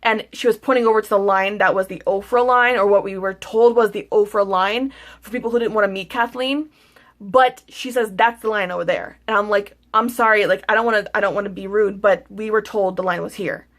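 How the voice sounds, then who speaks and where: A woman's voice: mid-range voice, steady tone, brisk, fairly bright tone. Woman vlogger ranting about a bad day, casual, lots of swearing and restarts. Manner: venting, frustrated, swears freely; repeats words, rambling with restarts. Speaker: beauty vlogger. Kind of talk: casual storytime vlog.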